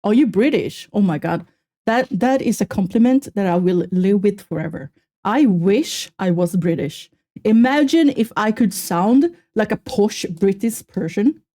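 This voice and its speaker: A young woman streaming, chatting casually and self-mockingly with her viewers in quick exclamations. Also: medium pitch, mellow. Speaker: streamer reacting to a video. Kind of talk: casual live-stream chat.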